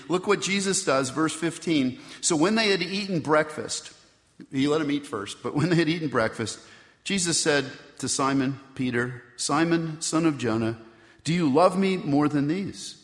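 A man's voice: on the high side, fairly bright tone. A middle-aged male pastor preaching a sermon in a conversational way, asking the congregation questions and acting out the quotes he tells. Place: church sanctuary. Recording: long reverb from a large hall.

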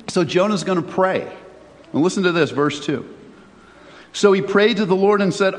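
A man's voice: high-pitched, moderate pace, pauses often. A male pastor preaching a sermon in a chatty, conversational way, often asking his listeners questions. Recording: long reverb of a large hall.

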